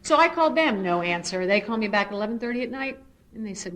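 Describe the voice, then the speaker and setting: A middle-aged woman giving a personal testimony at a recovery meeting. She tells her story in an animated, earnest way and shifts into spiritual reflection. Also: fast, very noisy. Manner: animated storyteller, swings to high excited re-enactment. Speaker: speaker sharing at a recovery meeting.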